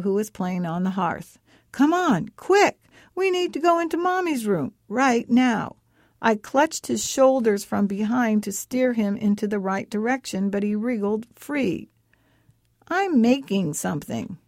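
Woman reader, expressive, higher pitched, dry close-miked sound. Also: dry recording. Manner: expressive, voices the characters' lines with lively shifts. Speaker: author reading her own story. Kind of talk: first-person story reading.

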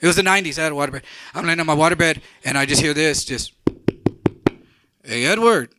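A man's voice: on the high side, steady tone, very fast, heavy background noise. A middle-aged man from San Antonio telling a true story on stage in a blunt, candid, conversational way with casual swearing.

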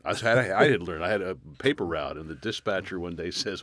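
A man's voice: low voice, fairly quick, hardly any pauses, a bit bright. A man from New York, a guest on a radio interview, telling enthusiastic stories and often restarting his sentences. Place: radio studio.

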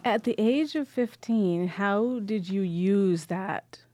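A woman's voice: medium pitch, takes it slowly, dark tone. A woman radio host interviewing a guest on public radio. Her questions come attentive and inviting, and her voice sits in a dry, close studio sound with no room echo.

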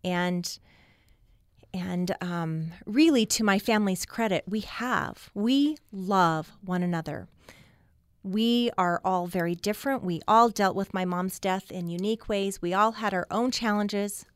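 A middle-aged woman telling a personal story as a radio guest, slow and reflective, with long pauses. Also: mid-range voice, clear, resonant tone, no echo, clean studio sound. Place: radio studio.

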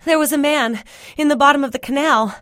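A woman's voice: high voice, brisk, a bit bright, dry recording, studio quality, pitched above the performer's own voice. A woman voicing a frightened, earnest young child who is trying to catch their breath. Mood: scared, pleading.

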